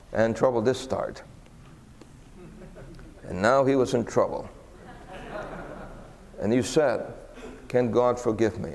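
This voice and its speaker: Gravelly preacher telling a story in an echoing hall. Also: male voice, mid-range voice. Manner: animated, voice rising for quoted exclamations. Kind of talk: sermon storytelling.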